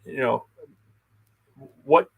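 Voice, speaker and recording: A man's voice: very slow, phone-quality sound. A man co-hosting a podcast, talking casually and reflectively in a slangy, rambling way with lots of "you know" and restarts. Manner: thinks aloud with restarts and asides. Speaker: podcast co-host.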